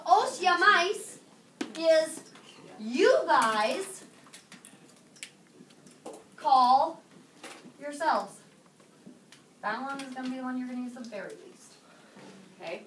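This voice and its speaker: A woman teaching a high school Spanish class, playful and lively, quizzing her students. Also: a little hiss or hum. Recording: echoey classroom from a distance.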